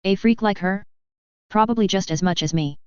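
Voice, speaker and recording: A cocky young man in a fantasy audiobook, boasting and mocking, as a narrator reads him. The voice stays very smooth. The recording is dry and a little dull. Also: medium pitch, moderate pace, dry recording, lightly acted. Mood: boastful.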